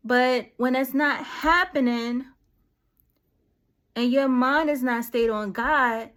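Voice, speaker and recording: A woman's voice: fairly high pitch, fairly bright tone. A woman giving casual, slangy encouragement straight to her viewers, talking directly like a friend with a message. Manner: conversational, slangy, direct and preachy. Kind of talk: casual motivational talk to camera.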